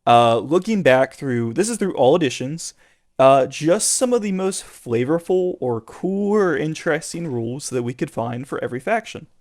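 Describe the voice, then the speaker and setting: A man's voice: fairly high pitch, normal speed. A man hosting a podcast in casual, chatty conversation with a co-host. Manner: relaxed, chatty, with fillers. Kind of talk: casual chat.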